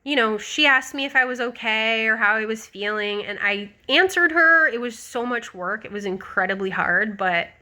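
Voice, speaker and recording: Young woman vlogger, bright, forward tone, casual rambling storyteller with lots of fillers. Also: a little high, normal speed, few pauses. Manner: chatty, rambling, lots of likes and ums.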